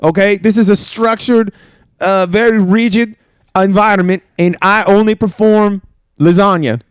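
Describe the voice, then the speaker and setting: A man's voice: fairly even intonation, a little slow, clear, resonant tone, dry recording, studio quality. A man voicing a pompous, rigid Italian chef with an exaggerated put-on Italian accent. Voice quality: exaggerated high cartoonish accent.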